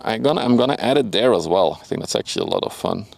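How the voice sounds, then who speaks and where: Talking rapid-fire in a fairly low, gravelly voice with no echo, a young Dutch-accented streamer chats casually with his audience outdoors by a river. His tone is relaxed and chatty, full of laughter and viewers' names, though he sometimes quiets down so as not to disturb anyone close by.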